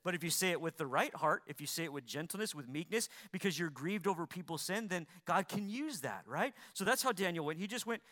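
A man with a high-pitched voice delivers a sermon, asking his congregation questions. His tone is bright and ringing, and he drops from loud, pointed emphasis to soft, pleading near-whispers. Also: lively intonation, a little fast, few pauses. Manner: preaching with sharp swings between loud emphasis and quiet pleading; repeats lines for emphasis, asks the congregation questions. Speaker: pastor.

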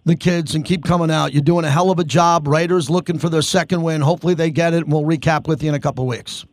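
Energetic New sports radio host. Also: male voice, fairly high pitch, no echo, studio quality. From Long Island, New York. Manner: energetic, emphatic, quick talk.

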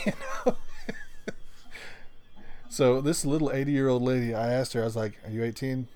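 A man's voice: mid-range voice, unhurried, a little mellow, clear, resonant tone. Profane laughing man telling a story. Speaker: storyteller in casual conversation. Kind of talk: casual chat.

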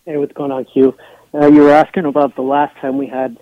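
A man calling a sports radio show, relaxed and hesitant, over a dull phone line. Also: on the high side, brisk, no room sound. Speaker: caller. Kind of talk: phone-in chat.

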